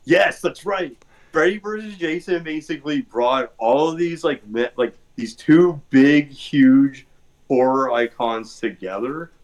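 A man's voice: on the high side, unhurried, rough recording. Rambling man in casual chat. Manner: rambling, many fillers like "like" and "or whatever".

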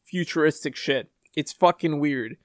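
Young guy, casual co-host, slightly high voice, laid-back explainer, dry close sound. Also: normal speed, dry recording. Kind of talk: casual chat.

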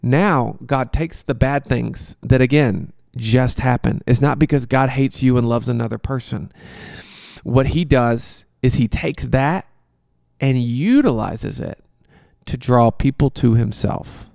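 A man, a pastor, answering a question in casual, conversational Q&A talk, animated and joking at times. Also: medium pitch, measured pace, gravelly, no echo, clean studio sound.

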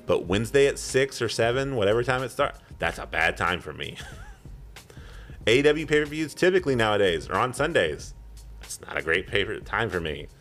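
A man's voice: fairly low pitch, big pitch swings, normal speed, a bit bright, faint music behind. A man in his thirties co-hosting a podcast, chatting casually and rambling off on tangents with chuckles. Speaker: podcast co-host.

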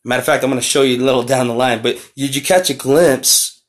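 A man's voice: medium pitch, steady tone. Emphatic man preaching on a podcast. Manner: reads scripture slowly and emphatically, then explains casually; repeats and restarts phrases, swells loud on key words. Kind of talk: podcast sermon with scripture reading.

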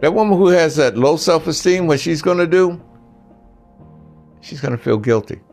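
A man's voice: a little high, expressive, normal speed, gravelly, darkish tone, soft background music. An older man giving blunt relationship advice in a casual monologue, talking straight to the men listening and telling stories along the way. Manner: blunt, storytelling, talks straight to the guys.

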